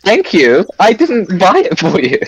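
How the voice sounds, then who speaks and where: A man's voice: high voice, wildly swooping pitch, unhurried, highs cut off, a crowd in the background. A young man goofing around with friends over voice chat while playing a shooter game. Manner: goofy, playful, sing-song jokes. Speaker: gamer. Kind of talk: casual gaming chat.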